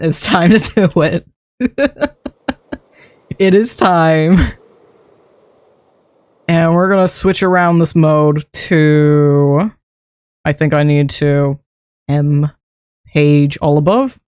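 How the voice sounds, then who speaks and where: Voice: medium pitch, darkish tone, clean tone, dry recording, clean studio sound. A streamer giving casual gameplay commentary, rambling to themself and chuckling at their own mistakes while building. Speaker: streamer building a game base.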